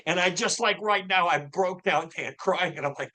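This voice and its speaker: A man's voice: high-pitched, moderate pace, bright, forceful tone. A man in his fifties telling a personal faith story as a podcast guest, earnest and full of restarts and fillers. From Louisville, Kentucky. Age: 50s. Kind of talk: personal storytelling in a casual interview.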